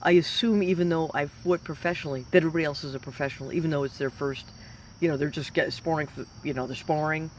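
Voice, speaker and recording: A woman's voice: sits low, fairly even intonation, fast talker, a little mellow, a little hiss or hum. A woman in her fifties, a professional fighter, giving an emphatic, rambling motivational talk. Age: 50s. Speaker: professional mixed martial arts fighter.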